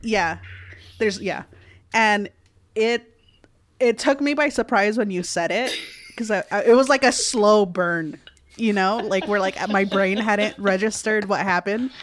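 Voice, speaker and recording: A woman with a medium-pitched voice talks casually as a podcast co-host. She hesitates often, sprinkles in ums and laughs along the way. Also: a little slow, slight background noise. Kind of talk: casual chat.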